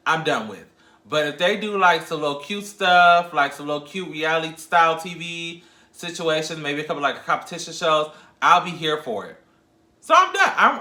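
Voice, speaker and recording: A sassy, gossipy man hosting a pop-culture podcast, talking in a bright, forceful voice pitched a little high. He rambles, laughs and teases as he counts down the stories. The room around him is echoey. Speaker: podcast host. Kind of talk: casual pop-culture commentary.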